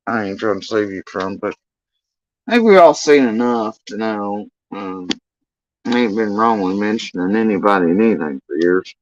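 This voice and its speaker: A man's voice: lowish voice, no echo, dull audio. A man ranting on a livestream in an exasperated, profane, rambling way. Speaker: livestream commentator.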